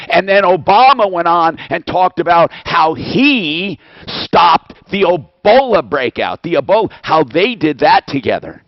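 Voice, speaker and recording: A man's voice: fairly high pitch, sing-song, moderate pace, no room sound, highs cut off. A man hosting a call-in show, delivering a heated, profane rant full of blunt rhetorical questions. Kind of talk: angry political rant.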